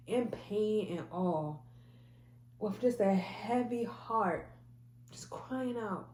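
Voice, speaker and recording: With a warm, mid-range voice in an echoey room, this mother tells her personal faith testimony. She speaks casually and emphatically, repeating phrases and frequently starting over.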